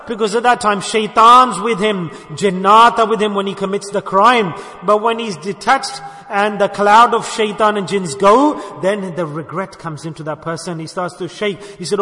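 A man's voice: high-pitched, normal speed, few pauses, bright, forceful tone, long reverb tail. A man delivering an emotive sermon, telling a story and rising into impassioned exhortation. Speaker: preacher.

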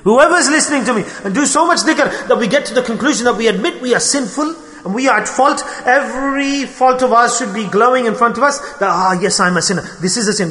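A male preacher delivers an impassioned, pleading sermon, dropping Arabic and Urdu religious terms into his English. His voice sits high and rings bright and forceful. A long hall reverb trails behind every phrase.

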